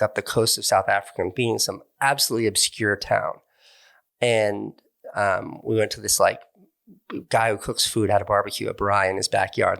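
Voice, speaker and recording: A man's voice: fairly low pitch, creaky, a bit bright. A middle-aged man speaking as an interview guest, candid and thoughtful, often restarting his words as he reflects. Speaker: interview guest, online video creator.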